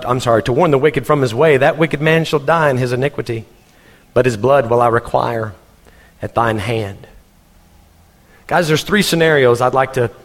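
A man from Texas, preaching a sermon in an animated storytelling manner and laughing as he goes. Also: mid-range voice, big-room sound. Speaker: pastor.

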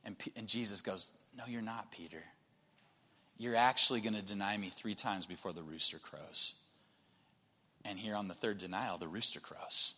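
A man preaching a sermon, dropping to a hushed low voice and then rising to loud, emphatic lines. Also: normal speed, slightly rough. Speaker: pastor. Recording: long hall reverb.

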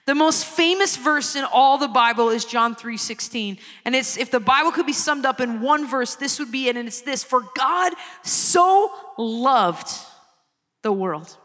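A high-pitched woman delivers an earnest, pleading sermon, slowing down to lean on her key words. Her voice rings out with a long reverb tail, as if from a large church hall. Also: fairly bright tone. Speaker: preacher. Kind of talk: evangelistic sermon.

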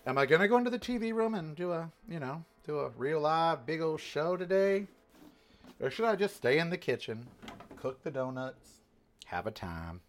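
A sixty-year-old man hosting a casual home cooking show, chatting and giving sassy, opinionated asides while he works in his kitchen. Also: fairly high pitch. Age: 60s.

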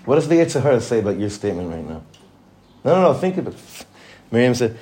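A man's voice: medium pitch, sing-song, fast talker, long pauses, dark tone. A man, a rabbi, teaching a Torah class, probing his students with questions and mixing in Hebrew terms.

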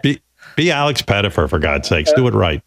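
A male radio host with a low voice, bantering and teasing with mock annoyance. His pitch swings widely as he reacts, from deadpan to incredulous. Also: a little fast, creaky.

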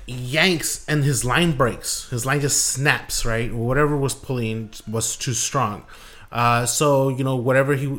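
Young man, podcast host, casual, rambling, profane, medium pitch. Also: a bit bright. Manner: rambling, profane, lots of fillers. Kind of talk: casual storytelling chat.

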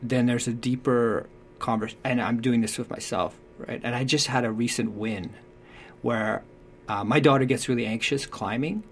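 A man talking earnestly about parenting in a relaxed conversation, acting out what parents and children say. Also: medium pitch, moderate pace. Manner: acts out quoted voices, thoughtful and earnest. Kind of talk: conversational advice talk.

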